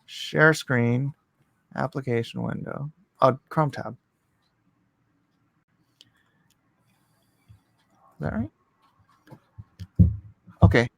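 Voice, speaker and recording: A man hosting a casual livestream, animated and jokey, reading chat and bantering with his co-host. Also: mid-range voice, drawn-out words, vocal fry, pauses often, no echo. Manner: animated and jokey, breaks into laughs.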